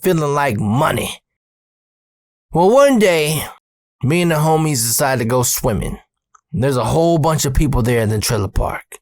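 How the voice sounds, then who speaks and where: Profane animated male storyteller. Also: fairly high pitch, no room sound, clean studio sound. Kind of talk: casual storytelling vlog.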